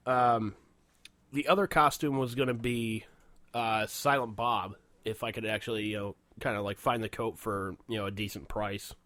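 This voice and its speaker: A man's voice: mid-range voice, no echo. A man co-hosting a podcast in casual chat, loose and profane and laughing often. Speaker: podcast co-host.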